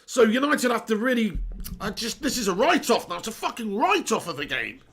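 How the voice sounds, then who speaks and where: A man's voice: high voice, sing-song, fairly quick, fairly bright tone, slightly rough. A young man hosting a live football watch-along, ranting in exasperation and repeating himself, his voice strained and sore.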